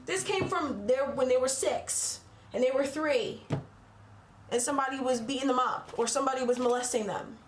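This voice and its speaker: A woman's voice: sits high, normal speed, roomy sound, noisy background. Blunt, profane woman tarot reader. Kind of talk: casual tarot reading.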